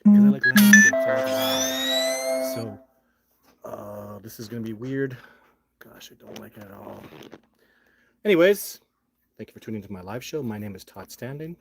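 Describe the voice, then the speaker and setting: A man's voice: fairly low pitch, fairly quick, gravelly, pauses often, loud music behind the voice. A man hosting his own live stream, talking casually and complaining in a frustrated, rambling way into a phone held close.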